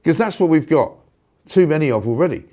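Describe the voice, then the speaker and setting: A male talk show host in full rant, sarcastic and indignant, his pitch swinging wildly between mocking highs and grumbling lows. His voice sits a touch high for a man, and he keeps breaking into loud, exasperated outbursts in the studio. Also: animated, fairly quick. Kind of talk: heated opinion rant on live talk radio.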